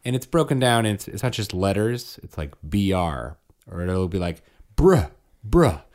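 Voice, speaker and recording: A man in his thirties co-hosting a podcast, chatting in a relaxed, storytelling way. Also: sits low, normal speed. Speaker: podcast co-host. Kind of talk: casual chat.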